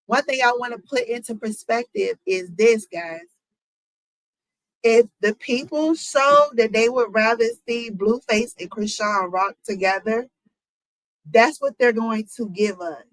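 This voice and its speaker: A woman's voice: on the high side, no echo, low-quality recording. A woman hosting her own commentary channel, talking casually to viewers with lots of fillers and asides. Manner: chatty, lots of fillers, addresses viewers as y'all.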